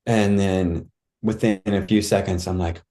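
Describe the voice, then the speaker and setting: Mellow low-voiced man telling a story. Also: fairly even intonation, a little slow. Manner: vivid retelling that acts out his own cries, full of "like" and "dude". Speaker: podcast guest. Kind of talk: casual storytelling.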